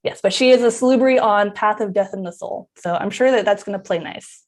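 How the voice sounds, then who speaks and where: A woman introducing herself as a player in a tabletop game stream, talking in a loose, chatty way. Her voice sits at a middling pitch. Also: a little fast. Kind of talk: casual introduction chat.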